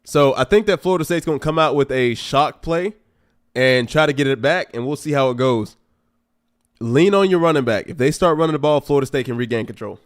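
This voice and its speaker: A young man with a mid-range, brisk voice hosts a casual live football watch stream. He comments on the game and talks back at it, building up into exasperated outbursts.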